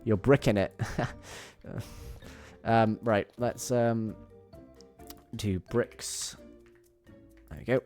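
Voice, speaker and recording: A man's voice: lowish voice, steady tone, very slow, pauses often, a little mellow, soft background music. A young man streaming a game from his bedroom, chatting playfully and rambling to his viewers. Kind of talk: casual chat while gaming. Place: home bedroom.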